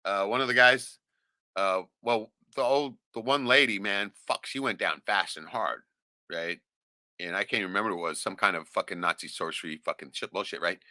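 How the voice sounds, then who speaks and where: A man's voice: low-pitched, fairly quick, pushed and bright, no room sound. A middle-aged man from Alaska telling a rambling, profane story in casual talk, laughing often and tagging lines with "right?". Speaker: vlogger.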